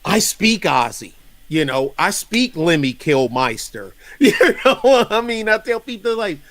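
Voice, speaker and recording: A man in his fifties from North Carolina hosts a loose, casual chat, telling long rambling stories. His voice sits a bit high. The sound is dry and close. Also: unhurried, no room sound. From North Carolina, USA. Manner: rambling, animated storyteller who laughs often. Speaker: podcast host.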